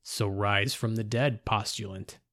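A man voicing a robed cult leader who intones ritual words slowly and solemnly. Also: lowish voice, fairly even intonation, a bit bright, no room sound, studio quality.

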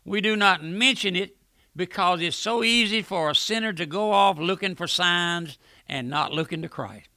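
A man's voice: high voice, normal speed, bright, forceful tone, no room sound. An older man preaching a folksy, earnest radio sermon from a studio.

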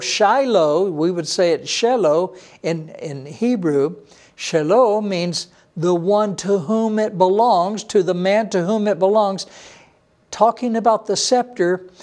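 High-voiced man preaching emphatically. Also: darkish tone. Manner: emphatic, slows to stress key words; repeats phrases for emphasis. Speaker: pastor. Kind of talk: sermon.

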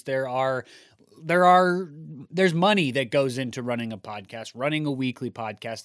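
Man, podcast co-host, casual, earnest, slightly high pitch, dry sound. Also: fairly bright tone, no echo. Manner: earnest, chatty, repeats words.

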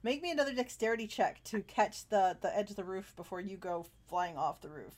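A woman's voice: mid-range voice, a little fast. A woman narrating a tabletop game as game master, chatty and laughing often, with frequent fillers.

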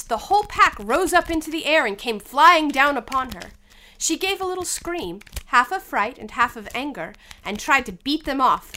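A woman reading a storybook aloud in an expressive way. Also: on the high side.

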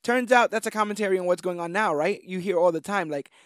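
A man's voice: high voice, fast talker, a bit bright, dry recording, studio quality. A man co-hosting a casual podcast chat, rambling enthusiastically and correcting himself as he goes. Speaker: podcast co-host.

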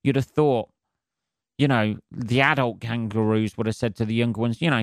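A man's voice: medium pitch, fairly even intonation, moderate pace, no echo, clean studio sound. A middle-aged man, rambling sweary and meandering through a solo podcast while lightheaded and dozy on painkillers. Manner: sweary, meandering, self-interrupting. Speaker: podcast host.

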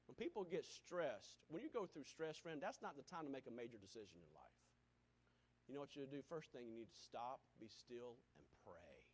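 A man preaching a sermon, swinging from loud exclamations to hushed, quiet lines. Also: a little high, wildly swooping pitch, fairly quick, breathy edge.

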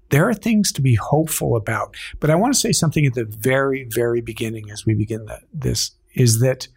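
A man, a priest, co-hosting a podcast, with dry deadpan humor and halting, reflective speech. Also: mid-range voice, gravelly, husky. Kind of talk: casual chat turning reflective.

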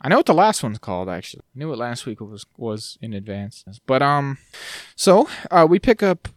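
Man, podcast co-host, casual chat, animated, laughs often, lively pitch. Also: moderate pace, no room sound, clean studio sound. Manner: animated, laughs often, slips into silly voices.

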